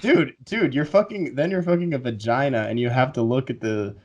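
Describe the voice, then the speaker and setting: A man's voice: medium pitch, fairly quick, lo-fi sound. A young man co-hosting a podcast in casual chat, laid-back, swearing freely and laughing often. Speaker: podcast co-host.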